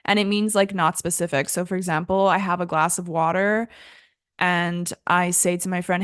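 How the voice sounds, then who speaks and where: A woman's voice: fairly low pitch, steady tone, moderate pace, fairly bright tone, clean tone, dry recording, clean studio sound. A young woman teaching an English lesson in a casual, chatty way, laughing easily at her own slips.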